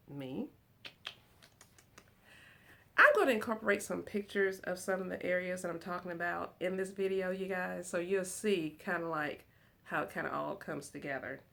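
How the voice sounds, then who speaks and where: A woman vlogging from her lounge room at home, chatting excitedly and giggling as she talks to her viewers. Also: lowish voice, vocal fry. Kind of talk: casual chat to viewers.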